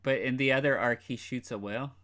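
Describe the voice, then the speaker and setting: A man co-hosting a podcast, breaking in with short questions and quick acknowledgements in casual chat. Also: medium pitch, a bit bright. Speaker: podcast co-host.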